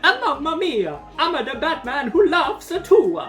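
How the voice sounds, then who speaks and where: A woman voicing a male clown villain with a deliberately bad fake Italian accent, loud, high and cartoonish. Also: lively intonation, recorded from a distance, close to an everyday voice. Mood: gloating. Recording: voice over background music.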